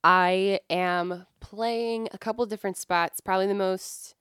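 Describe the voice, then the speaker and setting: A woman's voice: medium pitch, fairly even intonation, unhurried, a bit bright, clear, resonant tone, dry recording, studio quality. A woman musician talking casually as a podcast guest, joking and using lots of fillers. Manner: chatty, jokey, many fillers.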